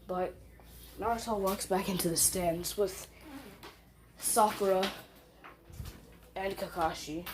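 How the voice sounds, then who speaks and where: A woman's voice: mid-range voice, fairly even intonation, slow pace, long pauses, background noise. A young woman casually retelling a fan story, rambling, self-correcting and full of fillers.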